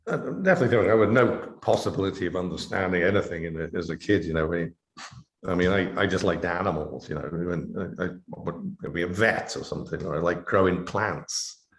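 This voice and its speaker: A man's voice: low voice, fairly quick. A middle-aged English man, a professor being interviewed, talking casually and rambling with many fillers and restarts. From England. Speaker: interview guest, biochemistry professor. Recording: echoey room.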